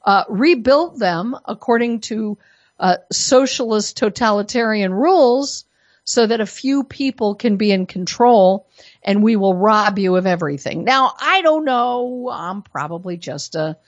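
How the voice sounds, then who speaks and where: A woman's voice: mid-range voice, a little slow, no room sound, highs cut off. A woman from Colorado giving an opinion monologue as a commentator, full of sarcastic, mock-innocent asides. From Colorado, USA. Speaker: political commentator.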